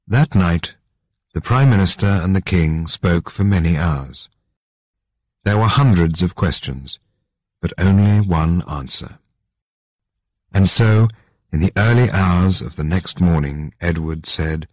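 A man narrating an audiobook in a calm, measured storytelling manner. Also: low-pitched, dry recording. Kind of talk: scripted narration.

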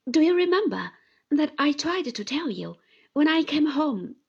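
A woman voicing an earnest young man who pleads in a hushed, breathy voice. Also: high voice, very animated, unhurried, muffled recording, voice pushed up, heavily acted. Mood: pleading.

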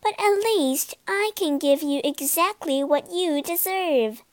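A woman's voice: high voice, slow pace, no room sound, voice pushed up. A woman doing a tiny, stern fairy. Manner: lofty, declaring. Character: tiny vengeful female fairy with a wand.

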